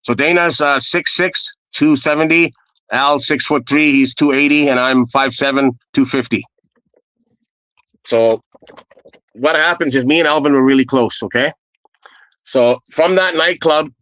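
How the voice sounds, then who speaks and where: A middle-aged man recounts his own past in casual, meandering anecdotes, often pausing on "um" and "uh." His pitch sits in an ordinary middle range for a man. The recording is dry, with no audible room. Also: fairly even intonation, fairly bright tone, dry recording, rough recording. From Canada. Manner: earnest, rambling anecdotes with fillers. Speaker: storyteller guest. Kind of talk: casual first-person storytelling.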